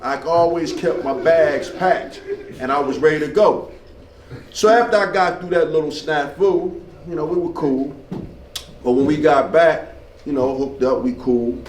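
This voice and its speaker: A man's voice: fairly high pitch, a little slow, slight background noise. Older guy doing standup at an open mic, loose chatty stories, echoey club, mic sounds far off. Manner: loose storytelling with crowd banter. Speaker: stand-up comedian. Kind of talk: stand-up comedy set. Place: small club stage.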